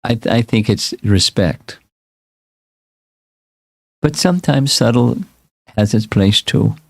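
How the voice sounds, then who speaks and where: A man's voice: medium pitch, takes it slowly, vocal fry, breathy edge, dry recording, clean studio sound. A man as a spiritual teacher giving a casual scripture class, reflective and repeating himself as he restarts words.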